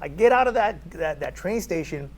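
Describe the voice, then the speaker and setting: A man's voice: fairly high pitch, normal speed. A man from California, a podcast guest, telling a story animatedly with many repeated words. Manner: animated, repeats words, acts out quoted dialogue. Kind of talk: conversational storytelling.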